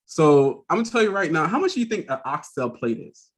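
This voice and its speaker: A man hosting a podcast in casual chat, telling animated stories, laughing often mid-sentence and acting out other people's voices. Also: on the high side, brisk. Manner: animated storyteller who acts out quoted voices. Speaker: podcast host.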